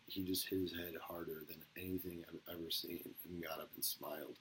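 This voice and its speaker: A man talking casually to the camera in a rambling, profane way. He gets excited at times and drops into a mumble at others. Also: deep voice, a little fast, hardly any pauses, a little hiss or hum, rough recording.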